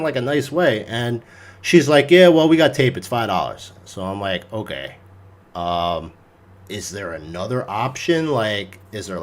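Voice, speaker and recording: Profane, animated man telling a story. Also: mid-range voice. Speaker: podcast host. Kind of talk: casual storytelling chat.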